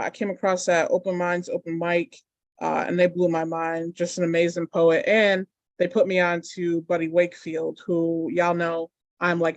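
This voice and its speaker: Gravelly, laid-back open mic host. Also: mid-range voice, dry recording, dull audio. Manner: loose, slangy, with frequent fillers. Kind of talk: casual emcee banter.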